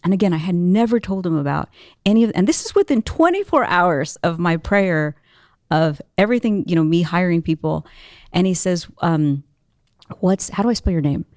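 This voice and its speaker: A woman guest in an interview, telling a personal story in an animated, expressive way, full of casual "like"s. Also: fairly low pitch, normal speed, no room sound, clean studio sound. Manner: animated, expressive, many filler "like"s.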